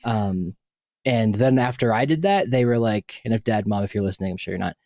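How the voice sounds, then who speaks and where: An American podcast host chats casually, rambling with lots of fillers and restarts. His voice is on the low side, brisk, and a little mellow. The recording is dry with clean studio sound.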